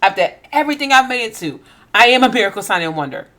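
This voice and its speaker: A woman's voice: a little high, lively intonation, fast talker, sharp tone. A woman host giving an emphatic faith-based motivational talk, full of rhetorical questions.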